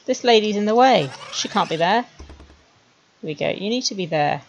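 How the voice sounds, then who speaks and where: A woman streamer chatting wryly to herself as she builds animated scenes, laughing at her own jokes. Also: medium pitch, normal speed, dull audio, slight background noise. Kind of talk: casual commentary while making a 3D animation.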